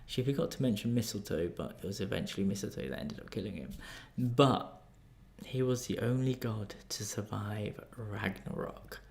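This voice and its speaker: A man with an English accent, a life coach telling a personal story in a casual, animated way. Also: lowish voice, normal speed, vocal fry. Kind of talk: storytelling vlog.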